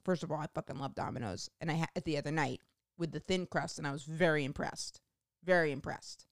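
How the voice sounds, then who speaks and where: A woman telling a rambling, profane comic story in a casual monologue, going off on animated tangents. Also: deep voice, fast talker, no room sound, clean studio sound.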